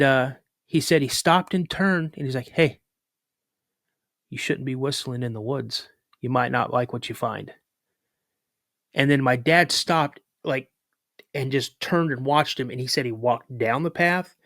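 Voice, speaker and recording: A man who is a podcast guest, telling a story casually with lively retelling, filler words and restarts. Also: fairly high pitch, no room sound, studio quality.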